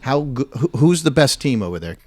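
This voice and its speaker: A middle-aged man co-hosting a casual sports talk show, relaxed and rambling, teasing his co-host. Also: mid-range voice, brisk.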